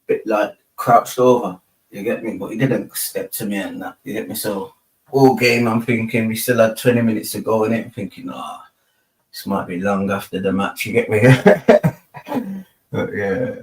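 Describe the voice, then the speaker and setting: A man's voice: fairly low pitch, lively intonation, normal speed. A young man telling a story in casual chat, full of street slang and tag questions. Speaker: panel guest. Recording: roomy, distant from mic.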